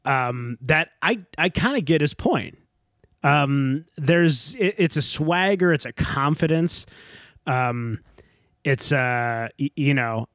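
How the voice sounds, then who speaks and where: Halting, chatty man thinking aloud. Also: fairly high pitch, animated, fairly bright tone, no room sound, studio quality. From northern United States. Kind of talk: casual chat.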